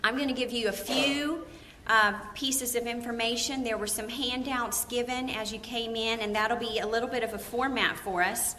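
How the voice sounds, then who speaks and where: Bright-voiced woman preacher. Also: fairly high pitch, normal speed, a little hiss or hum. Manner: animated storyteller, laughs often, acts out quotes. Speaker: women's ministry speaker. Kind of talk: storytelling sermon to a live audience.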